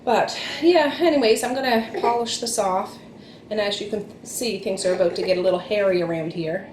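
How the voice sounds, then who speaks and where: A woman's voice: mid-range voice, brisk, a little mellow, slight background noise. A middle-aged woman, a mother chatting casually to camera at home in a rambling way, restarting her phrases. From Nova Scotia, Canada. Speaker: vlog host and mother. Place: home, indoors, with small children around. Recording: echoey room.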